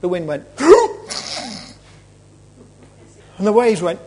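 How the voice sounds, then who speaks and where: A male preacher retelling a story in a sermon, dramatic, swinging between loud and hushed. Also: high voice, animated, a little slow.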